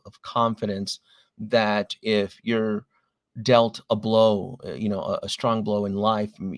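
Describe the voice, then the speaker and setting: A man hosting a casual livestream about collectible figures, talking in a rambling, chatty way and often apologizing to his viewers. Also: on the low side.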